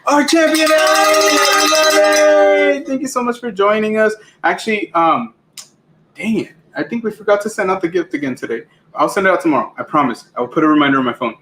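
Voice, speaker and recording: A man's voice: high-pitched, expressive, fast talker, a bit bright. A man co-hosting a casual livestream, cheerfully greeting chat viewers by name. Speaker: livestream co-host. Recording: echoey room with faint background noise.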